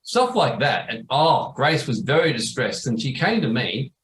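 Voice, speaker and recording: A man's voice: mid-range voice, very animated, normal speed, fairly bright tone. A man hosting a webinar, telling rambling, blunt anecdotes with some salty language. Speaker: webinar host. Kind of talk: casual storytelling. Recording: roomy echo with faint noise.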